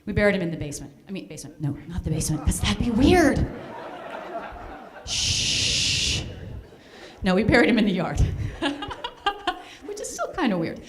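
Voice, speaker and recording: Animated woman telling a comic story. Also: mid-range voice, fast talker, slight background noise. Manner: animated, self-mocking, playfully dramatic. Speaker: speaker at a charity fundraiser. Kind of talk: comic personal storytelling on stage. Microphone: handheld or stand microphone.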